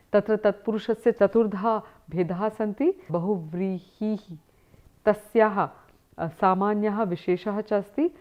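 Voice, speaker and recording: Woman teaching sanskrit grammar, recap lecture, sound's thin like a phone line. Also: mid-range voice. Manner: mixes English with Sanskrit terms, checks in with "huh?".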